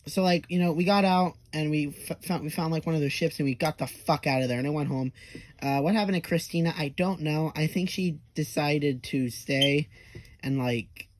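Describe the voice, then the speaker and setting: A man's voice: a little high, normal speed. A young man telling an absurd comedic story, rambling, with lots of fillers and swearing. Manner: absurd tall tale told half-seriously.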